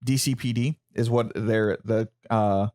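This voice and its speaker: A man's voice: on the low side, fairly even intonation, unhurried, darkish tone. A man, co-hosting a casual pop-culture chat, rambling and stammering as he corrects himself. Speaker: podcast co-host.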